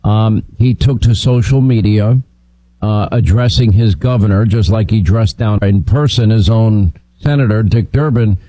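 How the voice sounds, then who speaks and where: A man hosting a talk radio show, brisk, emphatic and opinionated, speaking into a studio microphone. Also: lowish voice, dark tone, no echo, poor audio.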